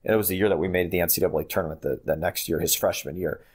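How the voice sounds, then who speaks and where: Husky-voiced man telling coaching stories. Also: low-pitched, very fast. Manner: animated storytelling, many restarts. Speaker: college basketball head coach, guest. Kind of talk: podcast interview.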